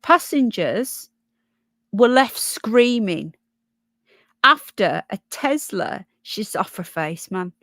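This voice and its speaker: A woman's voice: mid-range voice, sing-song, slow, a bit bright, no room sound, studio quality. A woman from Birmingham with a Brummie accent and a touch of Yorkshire, chatting casually as a livestream host, blunt and sweary, calling viewers "love". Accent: Brummie, with some Yorkshire. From Birmingham, England. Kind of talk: casual live chat reading comments and news.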